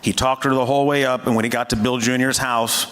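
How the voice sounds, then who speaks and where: A fire division chief speaking at a memorial, telling a story in a measured way with frequent hesitations. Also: male voice, mid-range voice, little pitch movement, a bit bright. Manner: measured, hesitant with many uhs. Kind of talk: memorial speech.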